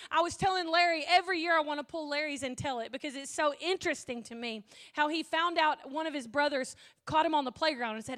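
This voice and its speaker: Middle-aged Southern woman, high voice, slight twang, casual church devotion speaker. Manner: chatty and warm, rising to fervent emphasis.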